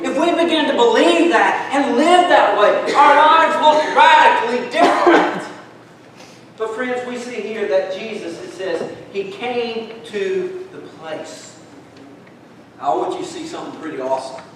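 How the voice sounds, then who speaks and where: High-voiced preacher in an echoey hall. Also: male voice, animated, a little slow, a bit bright, slight background noise. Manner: folksy storytelling with humor, calls listeners "friends". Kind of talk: sermon. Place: large church hall. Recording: echoey church hall recording from far off.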